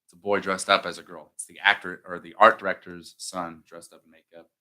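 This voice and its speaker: A man's voice: low voice, flat delivery, sharp tone. A man co-hosting a podcast, chatting casually and jokingly while recapping a movie. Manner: joking, chiming in with quick agreements. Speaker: podcast co-host.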